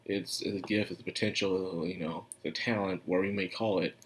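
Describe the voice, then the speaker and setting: A man's voice: low voice, steady tone, brisk, a little hiss or hum. A man giving a casual, rambling anime review, chatty and often laughing.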